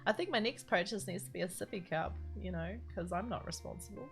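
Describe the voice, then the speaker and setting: A woman's voice: medium pitch, expressive, fairly quick, gravelly, faint music behind. A woman with a New Zealand accent chatting casually on a live game stream, rambling and giggling often. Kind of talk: casual live-stream chat while gaming. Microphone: standalone studio mic.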